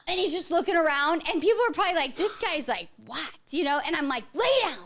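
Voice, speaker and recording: High-voiced rambling mom storyteller. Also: female voice. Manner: animated, rambling, heavy use of "like". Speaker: podcast host; mother. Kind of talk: casual storytelling chat.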